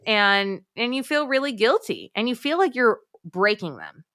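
Bright, emphatic woman coaching moms. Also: fairly high pitch, moderate pace. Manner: emphatic, direct, addresses listeners as "my friends"; acts out quoted thoughts in lively voices. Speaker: guest, mom coach. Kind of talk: podcast interview.

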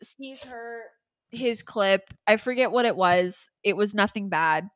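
A young woman co-hosting a casual podcast recap, animated and swearing freely. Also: medium pitch, measured pace, no echo. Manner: animated, swearing, bursts of laughter. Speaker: podcast co-host.

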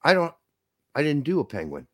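This livestream co-host talks a little fast in a slightly high, somewhat bright voice whose pitch swoops wildly, recorded without echo. During the casual chat he is blunt and profane, with frequent jokes.

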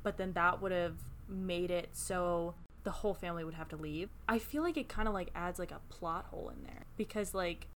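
A woman's voice: lowish voice, a little fast, few pauses, slight background noise. Giggly young woman podcast co-host. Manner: giggly, animated retelling with filler "like". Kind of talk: casual book-club chat.

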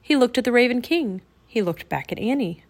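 Woman audiobook narrator, children's fiction, clear, expressive. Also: a little high, fairly quick.

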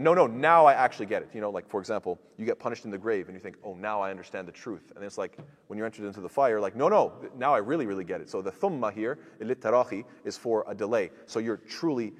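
A man with a Canadian accent teaching a Quran lesson, talking quickly and eagerly with many fillers and restarts. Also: fairly low pitch, long reverb tail. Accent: Canadian English. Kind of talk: explaining verses in a lesson.

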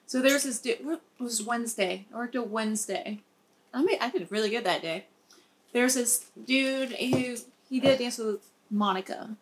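A young woman with a notably high voice tells a story full of cursing and vivid detail. She talks casually, like a podcast co-host among friends, and she is blunt and animated throughout. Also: normal speed. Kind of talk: casual chat.

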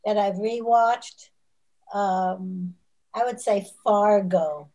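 A woman who writes novels, answering questions in a measured, thoughtful way during a casual chat. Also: medium pitch, steady tone, dark tone, rough recording. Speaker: novelist guest.

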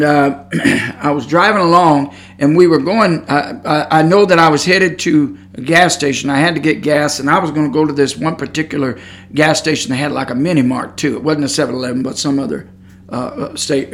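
Man, preacher, sermon storytelling, conversational, earnest, fillers, slightly high voice. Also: a little fast. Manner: conversational, many fillers and restarts, calm and earnest.

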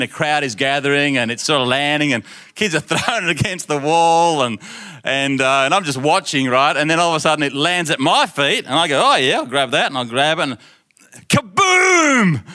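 A middle-aged man preaching to his congregation in a loose, chatty storytelling way. His voice is bright and forward, and he slips into quick impressions of the people in his tale, often laughing along as he goes. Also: medium pitch. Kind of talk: storytelling sermon.

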